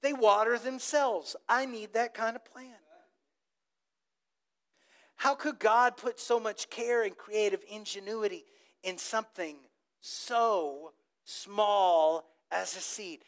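A man's voice: high voice, takes it slowly, fairly bright tone. A man preaching a sermon to a congregation, telling stories with animation and asking the crowd to repeat words back. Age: adult with a child old enough to talk. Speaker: pastor.

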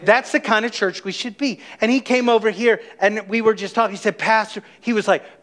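A middle-aged man preaching a sermon as pastor of his church, emphatic and energetic, calling on the congregation to respond. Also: high voice, brisk, few pauses. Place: church sanctuary.

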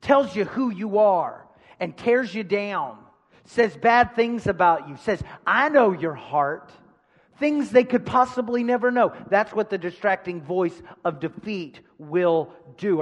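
A man's voice: high voice, big-room sound. A male pastor preaching a sermon in a church, emphatic, repeating phrases and putting questions to the congregation. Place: church sanctuary.

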